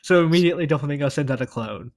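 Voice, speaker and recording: A man's voice: on the high side, rapid-fire. A man co-hosting a casual chat, recapping loosely and joking with his friends. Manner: relaxed, joking, loose storytelling. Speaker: podcast co-host.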